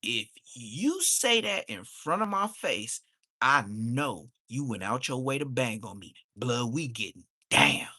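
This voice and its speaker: A man, ranting on a livestream. He is heated and mocking, and his voice suddenly jumps high. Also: very animated, a little slow, sharp tone, husky, dry recording, studio quality. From Inglewood, Los Angeles. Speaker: livestream host. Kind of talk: profane livestream rant.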